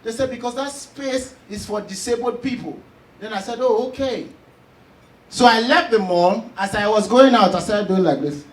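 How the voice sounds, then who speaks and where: A man with a Nigerian accent performing stand-up comedy, telling stories loudly and animatedly with shouts and laughs. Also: high-pitched, moderate pace, echoey room, distant mic, rough recording.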